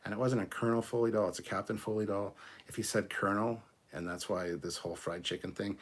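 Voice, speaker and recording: A man's voice: fairly low pitch, fairly even intonation, fast, hardly any pauses. A man hosting a casual livestream, reading viewer comments and answering them in a blunt, profane, argumentative way.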